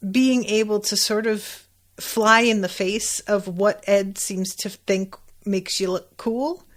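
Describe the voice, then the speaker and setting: A woman hosting a podcast, recapping an episode in casual, chatty talk and acting out quoted lines as she goes. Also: medium pitch. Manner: chatty, animated retelling with quoted asides. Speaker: podcast host. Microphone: desk microphone.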